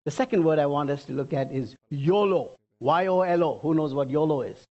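A pastor delivers a sermon with lots of movement in the voice, rising high and dropping low as the points land. The preacher keeps turning to the congregation with direct questions. The recording sounds dull and lo-fi. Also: animated, a little fast, a little mellow.

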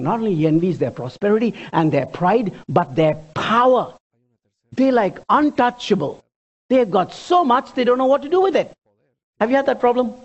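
A pastor delivers a sermon with lots of movement in the voice, rising high and dropping low as the points land. The preacher keeps turning to the congregation with direct questions. The recording sounds dull and lo-fi. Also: darkish tone.

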